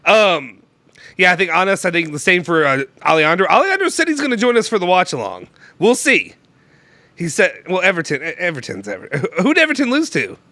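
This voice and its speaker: A young man hosts a loose, joking stream chat, rambling through restarts. His voice is bright and swings widely in pitch. It sits close and dry on the mic. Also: wildly swooping pitch, brisk, no echo. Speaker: show host. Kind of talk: casual live-stream chat.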